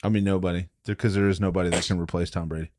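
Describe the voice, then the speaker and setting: A man co-hosting a podcast, chatting casually about football, swearing freely, laughing often and getting loud when excited. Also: low voice, very fast, dry recording, studio quality. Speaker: podcast co-host. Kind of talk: casual sports chat.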